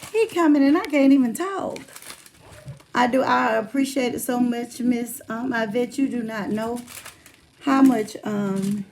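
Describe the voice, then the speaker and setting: A woman hosts a relaxed livestream, talking chattily to her viewers and calling them out by name. Her voice sits a little high and has a gravelly, fry-laden edge. She speaks openly about her faith as she talks. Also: slight background noise. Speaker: livestream host. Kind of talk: casual livestream chat with viewers.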